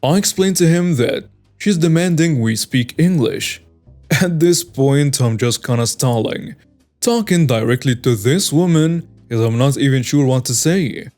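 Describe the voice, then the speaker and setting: A man narrating online stories in a plain, steady reading voice. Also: medium pitch, unhurried, faint music behind. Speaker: story narrator.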